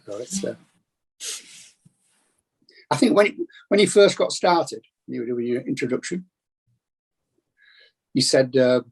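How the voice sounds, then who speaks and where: A man with a Bradford Yorkshire accent talks in an earnest, rambling, reflective way. His voice is gravelly with a husky edge at a middling pitch. He is heard over a video call. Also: animated, slow, long pauses. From England. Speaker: meeting participant. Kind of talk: casual sharing.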